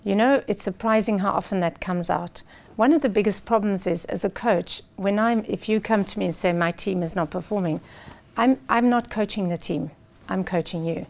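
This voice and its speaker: A woman coach, a guest in a studio interview, telling a client story in an animated way. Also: mid-range voice, normal speed, gravelly. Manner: animated storyteller, acts out quoted speech.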